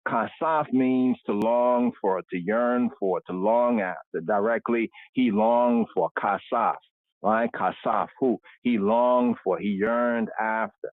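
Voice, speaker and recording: A man's voice: on the low side, slow, no echo. A man leading an unscripted scripture word study who tags nearly every phrase with "right?" and repeats words over and over. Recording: tinny phone-line sound, dry.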